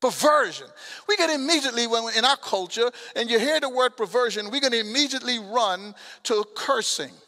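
A man with a foreign accent preaches from the pulpit, his voice pitched very high and bright. He calls out to the congregation in a loose, colloquial way. The sound rings with a long church hall reverb. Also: a little fast, few pauses. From abroad. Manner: preaching with call-outs to the congregation, colloquial asides. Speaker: pastor. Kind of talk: sermon. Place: church sanctuary.

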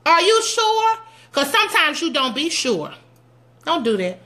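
Woman, middle-aged, bright ringing voice, animated, teasing, preachy comedy monologue. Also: high-pitched, a little slow. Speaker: comedic commentator addressing live viewers. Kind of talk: sassy comedic church-advice monologue.

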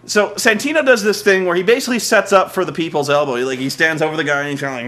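A man hosting a comedic wrestling recap, sarcastic and profane with deadpan jokes. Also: on the high side, rapid-fire, few pauses. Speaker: podcast host.

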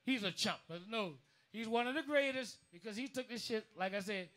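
A man's voice: sits high, brisk, a bit bright. A New man, a drummer and bandleader, telling a profane, rambling story from the stage of a live music bar. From New Orleans. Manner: profane, rambling, lots of restarts. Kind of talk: onstage storytelling speech.

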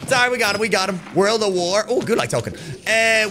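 A British man streaming a shooter game live, excitable and taunting, yelling and laughing as he plays. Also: high-pitched, fast talker, a little hiss or hum. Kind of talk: live gameplay commentary.

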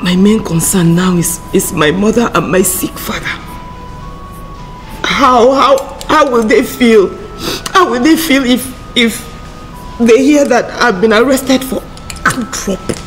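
Woman playing distressed detained young woman, pleading, fairly high. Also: unhurried, soft background music, close to an everyday voice. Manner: anguished, pleading.

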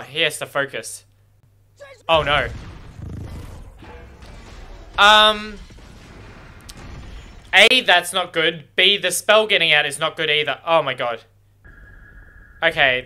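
Excitable man with a bright, forceful voice. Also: fairly high pitch, clean tone. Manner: excitable, talks at the screen, swears freely. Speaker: reaction video host. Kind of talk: casual first-watch reaction commentary.

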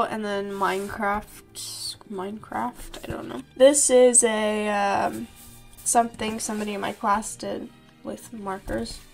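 Giggly self-mocking young woman, slightly high. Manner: self-mocking, laughing, playful character voices. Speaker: artist reviewing her old artwork. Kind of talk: casual chat.

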